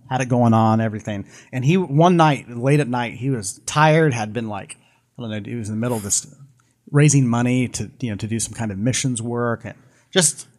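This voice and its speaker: Man, podcast co-host, lively storyteller, mid-pitched. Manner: animated storyteller, many restarts and fillers. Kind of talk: casual discussion, retelling a story.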